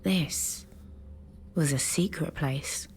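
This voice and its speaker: A woman giving scripted narration in a video game, measured and storybook-like. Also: low-pitched, in a whisper.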